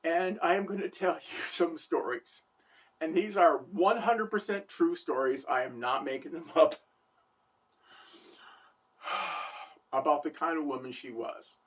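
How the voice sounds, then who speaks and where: A woman's voice: low voice, normal speed, slightly rough. A woman in her forties telling personal stories to camera in an earnest, heartfelt way, often saying "for the record". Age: 40s. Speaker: vlogger. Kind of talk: personal storytelling monologue.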